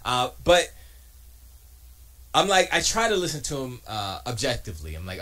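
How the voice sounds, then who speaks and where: A man rants casually from his home studio, his voice at a middle pitch but swinging widely up and down. He restarts his sentences often and drops mocking asides as he goes. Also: very animated, normal speed, pauses often, bright, forceful tone. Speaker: streamer and podcast host. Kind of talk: casual rambling commentary.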